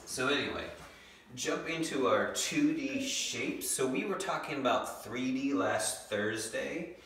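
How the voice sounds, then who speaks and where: A young man teaching a second grade lesson from home, patiently sounding out words slowly. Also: medium pitch, lively intonation, fairly bright tone. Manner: patient, slow, stretches out words to sound them. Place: home room. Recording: echoey room, mic far off.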